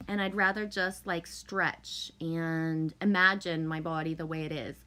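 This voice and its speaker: A woman's voice: medium pitch, fairly bright tone. A middle-aged woman from Canada chatting casually on a livestream, chipper and profane, laughing often and greeting viewers by name. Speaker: livestream host.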